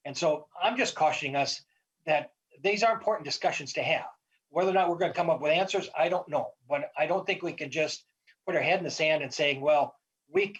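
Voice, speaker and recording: A man, a state legislator, giving measured, cautionary remarks in a committee hearing, with hesitant restarts. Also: fairly high pitch, fairly bright tone. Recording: dull, lo-fi audio.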